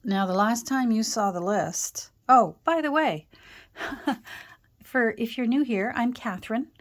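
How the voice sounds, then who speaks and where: Slow, chatty Canadian woman crafter. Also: fairly high pitch. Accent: Canadian, Ontario. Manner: rambling, chatty, with fillers and self-corrections. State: voice slightly off after a sore throat. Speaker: crafter and channel host. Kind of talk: casual chat while crafting. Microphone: own external microphone.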